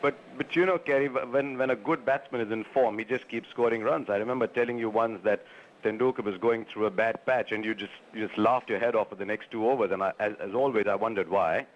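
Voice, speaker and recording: A man with an Indian accent talks quickly and teasingly over a phone link. He laughs often as he trades stories. The line sounds dull, with faint noise behind. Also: on the low side. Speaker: guest commentator on the phone line. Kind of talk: casual chat on a phone link.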